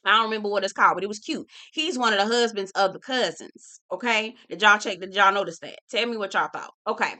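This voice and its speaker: A woman's voice: mid-range voice, quick pace, few pauses, pushed and bright. A young woman hosting a reality TV recap, talking candidly and casually to her viewers, swearing freely and calling them "girl" and "y'all". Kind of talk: casual chat.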